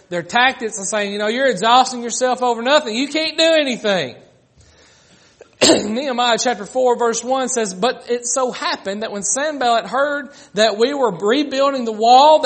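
A man's voice: very high-pitched, a bit bright. A man preaching a sermon, acting out the mocking voices of critics.

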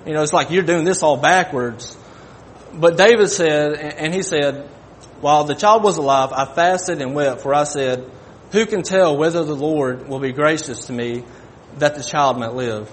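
A man preaching a sermon, halting and folksy, often repeating his words. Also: a little high, a little hiss or hum.

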